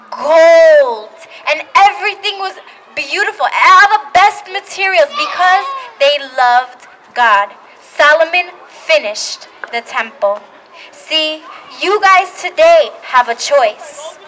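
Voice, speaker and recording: A woman's voice: sits high, a bit bright, a little hiss or hum, low-quality recording. A woman giving an outdoor Bible lesson to children, asking them questions and challenging them directly. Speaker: children's ministry speaker. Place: outdoors on a city sidewalk.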